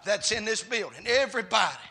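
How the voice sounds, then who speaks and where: A male preacher delivers a sermon in a high, bright, gravelly voice. He drops to low murmurs, then rises into shouted, rhythmic calls to the congregation. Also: lively intonation, fairly quick. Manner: swings from low murmurs to shouted, chanted climaxes.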